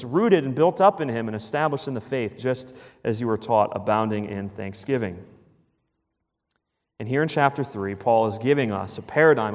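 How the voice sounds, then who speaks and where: A male pastor delivers a sermon in a middle-range voice, pressing his points through repetition and letting phrases sink to a near-hush. His words ring out with the long reverb of a large church sanctuary. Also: medium pitch. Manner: emphatic, repeats key phrases, drops to a hush at line ends.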